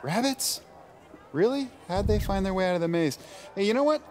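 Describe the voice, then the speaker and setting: A goofy upbeat coach. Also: male voice, high voice, lively intonation, normal speed, darkish tone, a little hiss or hum. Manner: forced cheerfulness, jokey. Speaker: basketball coach. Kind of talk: video game voice acting.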